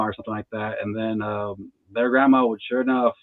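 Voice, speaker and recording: A man's voice: medium pitch, fairly even intonation, quick pace, few pauses, no echo. A man in his thirties, a tarot reader, talking in a laid-back, casual way and laughing between thoughts. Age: 30s. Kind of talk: casual interview chat. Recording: tinny phone-like line.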